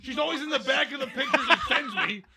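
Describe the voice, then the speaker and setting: A man, a comedian guest, riffing crude jokes quickly and slipping into put-on voices. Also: very high-pitched, vocal fry, heavy background noise.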